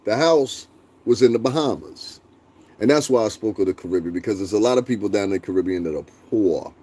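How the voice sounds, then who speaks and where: A man's voice: on the low side, fairly quick. A man hosting a livestream, ranting bluntly and profanely and answering his chat. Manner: profane, blunt, animated, talks back to chat. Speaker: livestream host.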